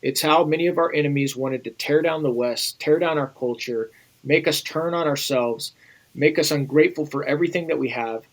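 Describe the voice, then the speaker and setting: A man's voice: a little high, a little fast, low-quality recording. Emphatic man speaking as a guest. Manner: urgent, emphatic, repeats phrases. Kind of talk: earnest interview conversation.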